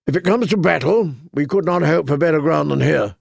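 Man doing a gruff old commander, raised voice. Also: on the high side, brisk, no echo, studio quality. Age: older. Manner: brusque, decisive orders.

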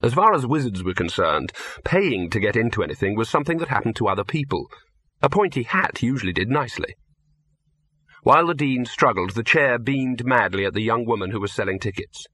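Lively husky male audiobook narrator. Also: mid-range voice, fairly quick, no room sound. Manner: lively, expressive reading.

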